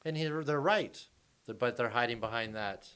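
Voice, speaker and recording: A man's voice: mid-range voice, moderate pace, a bit bright, smooth. A man hosting a casual podcast conversation, laughing often and swearing freely. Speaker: podcast host.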